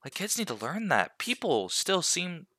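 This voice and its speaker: A young man hosting a podcast, giving his opinions in casual talk and acting out quotes, with a gravelly voice. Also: sits high, unhurried, dry recording, studio quality. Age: young adult. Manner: animated and opinionated, with acted-out quotes. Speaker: podcast host.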